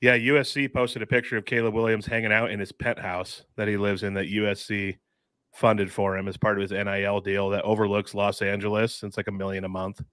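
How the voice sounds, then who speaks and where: An upbeat man co-hosts a sports podcast in a low voice. His sound is dry and close to the mic, with no room echo. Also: level tone, fairly quick, a bit bright. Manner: enthusiastic, says dude and mm-hmm. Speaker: podcast co-host. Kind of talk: casual sports chat.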